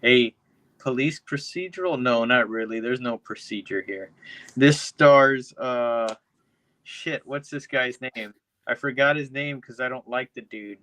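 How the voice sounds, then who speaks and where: A man's voice: medium pitch, measured pace, fairly bright tone, no echo. A man co-hosting a podcast, recapping a film in a loose, profane, rambling way. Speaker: podcast co-host. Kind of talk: casual podcast chat.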